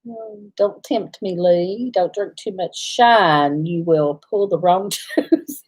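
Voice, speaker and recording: A woman's voice: on the low side, slow, darkish tone, husky. A woman, chatting casually as co-host of a livestream, laughing often as she tells stories. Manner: laughs often, drawling storyteller. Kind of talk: casual live chat.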